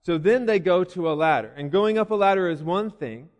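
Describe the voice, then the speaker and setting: A man's voice: high-pitched, expressive, fairly quick. A man preaching a sermon, telling the story vividly with voiced asides and hesitant restarts. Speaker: pastor. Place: church building. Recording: long reverb of a church hall.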